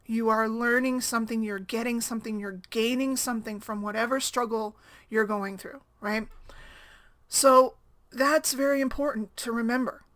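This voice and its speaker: A woman's voice: a little high, a bit bright. A woman talking casually to camera as a single-mom blogger, rambling and conversational, often tagging on "right?".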